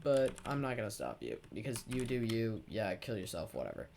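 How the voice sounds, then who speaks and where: Teen gamer host, deep-set low voice, rambling sarcastic storyteller, swears freely; faint keyboard clicks under him. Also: male voice, sing-song, a little fast, vocal fry, darkish tone, a little hiss or hum. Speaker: gaming channel host. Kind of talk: casual storytelling over gameplay.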